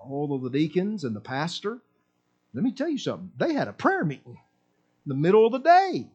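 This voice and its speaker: A man preaching a sermon with passion, swinging between loud exclamations and low, quiet asides in a repetitive, emphatic cadence. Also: wildly swooping pitch, fairly quick, husky, highs cut off.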